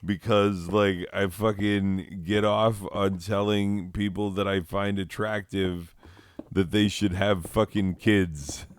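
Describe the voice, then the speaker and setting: A man with a lowish voice talks slowly and loosely, rambling and swearing while stoned. His voice is smooth and clear, recorded dry and close with no room sound. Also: level tone, dry recording. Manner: rambling, profane, laughs often at his own jokes. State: high. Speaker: host. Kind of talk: rambling gameplay chat.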